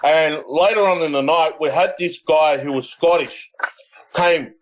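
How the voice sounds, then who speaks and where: A man telling anecdotes in a casual podcast roundtable, relaxed and talkative. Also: fairly high pitch, a little slow, poor audio. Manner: anecdotal storyteller, lively. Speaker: podcast panelist.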